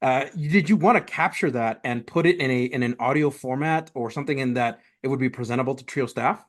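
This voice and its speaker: A man hosting a podcast interview, asking questions and offering quick encouraging affirmations. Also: mid-range voice. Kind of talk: casual interview.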